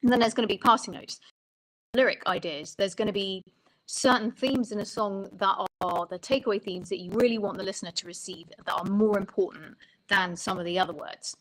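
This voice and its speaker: A woman's voice: medium pitch, a little fast, a bit bright, poor audio. A woman songwriting coach explaining ideas in an interview, talking thoughtfully and often restarting her sentences.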